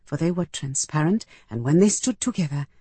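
A woman's voice: sits low, animated, fairly quick, warm tone, slightly rough, dry recording. A woman narrating a story in the first person, with intimate, emotional delivery and acted dialogue. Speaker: audiobook narrator.

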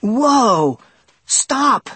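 A man's voice: huge pitch swings, normal speed, pushed and bright, breathy edge, no echo, exaggerated voice. A man voicing a young girl, an alert big sister fleeing through a jungle, speaking urgently and out of breath. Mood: alarmed. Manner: urgent, breathless, raised pitch.

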